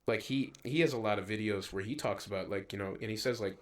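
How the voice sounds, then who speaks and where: A young man co-hosting a podcast, chatting casually and rambling with lots of swearing, getting animated when he quotes people. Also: fairly low pitch, fast. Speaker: podcast co-host. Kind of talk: casual chat.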